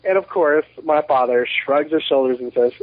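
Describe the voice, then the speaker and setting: A man in his thirties, a documentary producer, chatting as a podcast guest and telling animated, rambling stories with many restarts. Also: on the high side, moderate pace, no echo. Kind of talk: casual interview chat. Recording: muffled lo-fi podcast audio.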